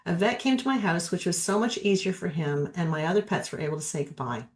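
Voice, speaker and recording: Low-voiced woman host reading questions. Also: expressive, quick pace. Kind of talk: reading viewer questions on a live panel.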